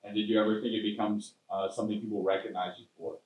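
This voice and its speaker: A man's voice: on the low side, flat delivery, fast, far from the mic, muffled recording. A man asking interview questions, often stumbling and restarting his sentences. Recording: roomy, off-mic.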